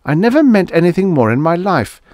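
A man's voice: high-pitched, big pitch swings, a little fast, a little mellow, no echo, clean studio sound, voice pushed up. A man doing a frightened, urgent spaceman. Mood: urgent, pleading. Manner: urgent, pleading, raised voice.

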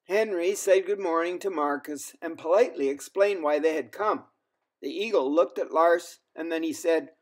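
A man reading a children's story aloud as a storyteller, in an expressive way. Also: on the high side. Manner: slow, expressive.

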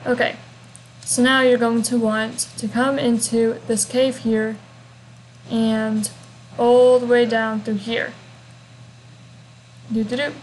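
A woman's voice: a little high, a little hiss or hum, poor audio. Chatty young woman narrating a game walkthrough. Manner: chatty and rambling, with humming fillers.

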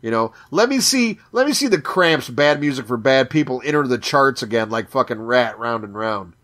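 A podcast co-host with a Chicago accent chats casually in a mid-range, slightly bright voice, his intonation lively and his pace moderate. He swears constantly, gushes with enthusiasm, and keeps repeating words.

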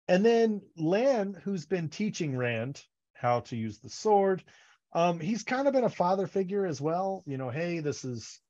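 A man co-hosting a casual fan podcast, animated and laughing, acting out characters' lines as he retells scenes. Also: on the high side. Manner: animated, acts out quotes, laughs often. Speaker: podcast co-host. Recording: dull lo-fi audio.

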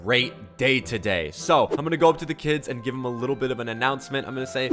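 A man narrating a game roleplay as a principal, animated and playful, laughing often. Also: fairly high pitch, normal speed, few pauses, music in the background.

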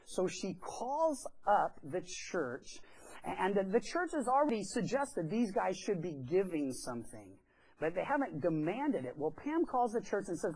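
Animated man preaching a story sermon. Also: sits high, moderate pace, low-quality recording. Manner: animated, acts out quoted voices in a chatty way. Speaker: pastor. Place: church sanctuary.

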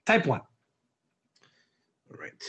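A man's voice: slow, fairly bright tone. A man teaching a Torah class as a rabbi. He explains with modern analogies, keeps quizzing his listeners, and repeats and restarts phrases as he goes. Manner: quizzes the audience with frequent questions.

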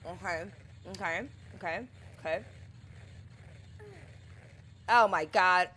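Bright-voiced woman streaming a game, slow talker, swears and yells at it a lot. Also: lowish voice, a little hiss or hum. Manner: exasperated, swearing, loud outbursts at the game. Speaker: gameplay streamer. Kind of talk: gameplay commentary.

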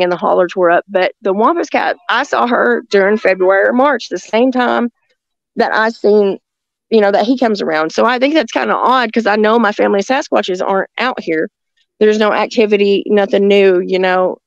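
Telling a story about encounters she's had, this guest rambles casually, restarting her sentences and laughing often. Her voice sits at medium pitch with a creaky edge, captured in a dry, dull lo-fi recording.

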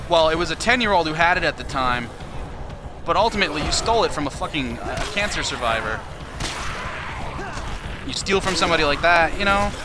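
A man's voice: a little high, background noise. A man chatting crudely on a live stream, profane and mocking as he reads messages and asks for donations. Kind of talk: casual live-stream chat.

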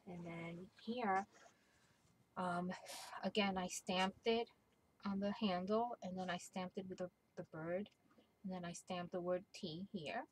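A woman's voice: lowish voice, a little hiss or hum, rough recording. Hesitant woman showing her crafts. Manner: hesitant, many ums and restarts, gentle. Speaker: crafter showing a handmade mini album. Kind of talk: casual show-and-tell.

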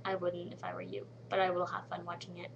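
A woman chatting casually to her webcam at home late at night, rambling with lots of "um"s and dropping into soft murmured asides. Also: fairly low pitch, monotone, fast talker, vocal fry, muffled recording, a little hiss or hum. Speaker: vlogger in a collab channel. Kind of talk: casual chat to camera.

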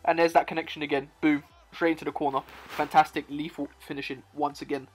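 Young man, high-pitched, excitable game commentary, faint music behind. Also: quick pace, husky. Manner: excitable, playful, talks to the viewer. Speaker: gaming YouTuber. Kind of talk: hyped football game commentary.

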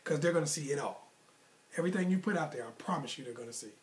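Brief: male dating coach, talks straight to camera, casual and slangy, pushes his points hard with repetition, voice sits a bit high. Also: animated, quick pace. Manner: emphatic, repetitive, motivational. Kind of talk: direct-to-camera advice monologue.

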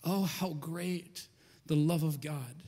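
A man preaching a sermon in a high, ringing voice, piling up repeated phrases and swinging between loud emphasis and hushed near-whispers. His words hang in the long reverb of a large church auditorium. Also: slow. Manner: repeats phrases in rhythmic lists. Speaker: pastor.

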